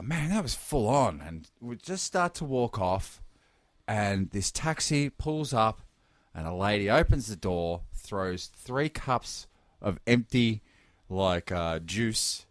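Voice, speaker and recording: A man's voice: lowish voice, a bit bright, no room sound. A man, a podcast co-host, telling a travel story in casual chat and acting out the quotes.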